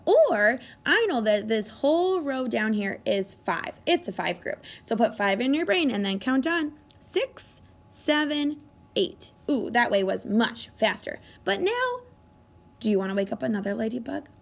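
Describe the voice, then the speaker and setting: A woman teaching a children's math lesson with a bright, high voice. Her pitch leaps and dips constantly in a sing-song way. She sounds full of wonder and keeps asking the children encouraging questions. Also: measured pace, creaky. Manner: animated, sing-song, gasps with exaggerated delight. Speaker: kindergarten teacher.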